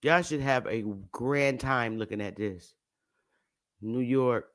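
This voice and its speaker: A woman's voice: very deep voice, slow pace. A woman hosting a casual livestream, talking loosely and profanely and laughing often as she goes. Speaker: livestream host.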